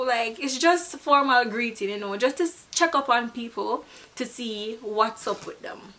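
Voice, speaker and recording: Laughing at herself from time to time, a young vlogger from Jamaica talks to camera with a Jamaican accent, explaining something in an easygoing, chatty way. Her voice is a little high, pushed and bright, at a normal speed.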